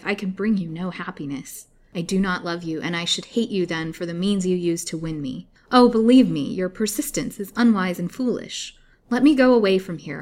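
A woman voicing a frail young captive woman with a soft, flute-like voice in a storybook reading. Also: on the low side, natural voice.

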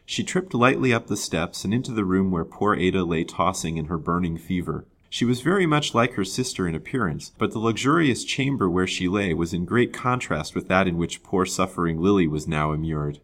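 A man narrating a serialized old novel in a measured, unhurried storytelling manner. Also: low voice, lively intonation, fairly bright tone. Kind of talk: audiobook story reading.

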